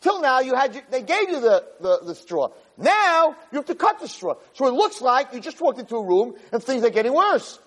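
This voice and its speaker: A man's voice: very high voice, sing-song, a little fast, hardly any pauses, a bit bright, voice pushed up, exaggerated voice. A man voicing God speaking urgently and insistently to a leader in a teaching story. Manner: insistent, emphatic. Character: urgent divine voice reassuring a leader.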